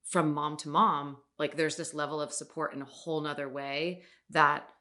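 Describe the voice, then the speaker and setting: Brief: young woman host, very low voice, encouraging, casual talk. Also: little pitch movement, moderate pace. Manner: warm, encouraging. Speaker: podcast host.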